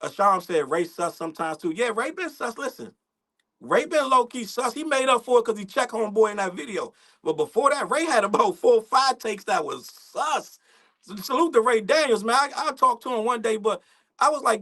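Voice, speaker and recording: Young male streamer, high-pitched, loose slangy rambling commentary with chat shout-outs. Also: brisk. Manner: loose slangy rambling, laughs often, animated swings in pitch. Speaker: livestream host. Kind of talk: casual livestream talk reading chat.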